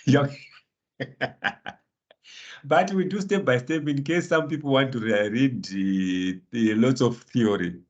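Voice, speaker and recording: A man's voice: mid-range voice, slow pace, lo-fi sound. A man teaching a live online finance class, encouraging students by name and laughing often. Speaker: lecturer.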